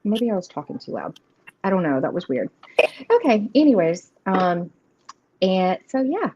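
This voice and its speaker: A woman's voice: mid-range voice, very animated, normal speed, noisy background. A woman, hosting a live reading stream in casual, rambling chat and laughing often. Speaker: host of live tarot readings. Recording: dull lo-fi stream audio.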